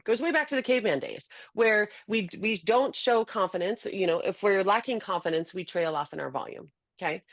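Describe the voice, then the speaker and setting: A woman guest on a podcast interview, explaining in an animated way and acting out examples. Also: mid-range voice, no echo. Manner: animated, demonstrates by acting out patient talks. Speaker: podcast guest, optical business founder.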